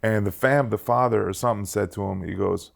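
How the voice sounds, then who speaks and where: A man with a fairly low voice, chatting casually on a podcast. He tells stories in an animated way and laughs often. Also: brisk, creaky. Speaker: podcast co-host. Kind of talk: casual chat.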